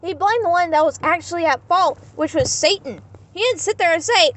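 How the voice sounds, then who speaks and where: A woman's voice: extremely high pitch, animated, moderate pace, a bit bright, low-quality recording. A young woman in an impassioned, indignant rant, talking straight to the camera with emphatic repetition. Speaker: vlogger. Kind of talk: impassioned ranting monologue.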